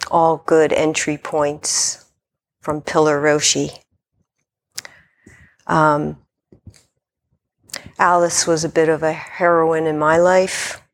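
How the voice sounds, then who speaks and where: A woman Zen teacher giving a measured, reflective dharma talk, reading a story and then musing on it. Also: deep voice. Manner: measured, reflective, with light laughs.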